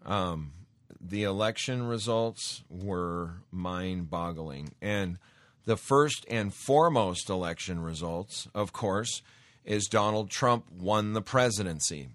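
Male talk radio host, low voice, dry close mic, emphatic monologue with lots of restarts. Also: slow, fairly bright tone, no echo. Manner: emphatic, repeats words and restarts.

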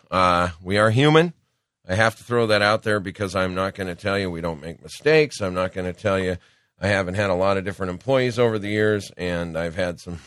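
Middle-aged male talk-radio host, folksy and rambling, sick with a cold, low voice, dry studio sound. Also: fairly bright tone, dry recording. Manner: folksy, rambling, with preachy asides. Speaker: radio show host and business owner. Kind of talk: casual talk-radio monologue.

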